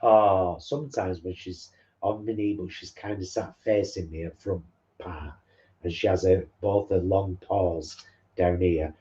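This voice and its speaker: A man's voice: sits low, steady tone, unhurried, mellow, highs cut off. A man co-hosting a casual live stream from home, chatting in a down-to-earth, bantering way. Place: home lounge.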